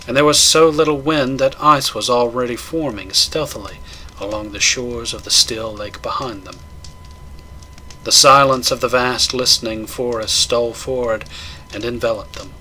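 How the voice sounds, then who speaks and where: A man doing a measured, dramatic audiobook-style reading of a horror tale. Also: medium pitch, sharp tone, slight background noise. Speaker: narrator.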